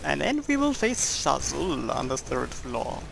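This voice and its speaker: Gravelly young man rambling over gameplay. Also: mid-range voice, sing-song, measured pace, background noise. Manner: rambling, jokey, laughs at his own jokes. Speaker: gameplay commentator. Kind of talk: casual let's-play commentary.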